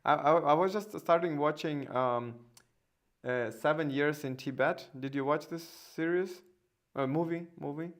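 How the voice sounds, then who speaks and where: Slow, smooth-voiced man hosting a stream. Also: on the high side. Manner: hesitant, many fillers and restarts, chatty. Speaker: host. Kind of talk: casual live-stream chat.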